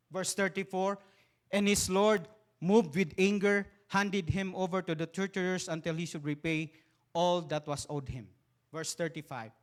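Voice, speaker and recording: High-voiced Filipino pastor preaching. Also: male voice, normal speed. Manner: switches between English and Tagalog, emphatic storytelling. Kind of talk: sermon.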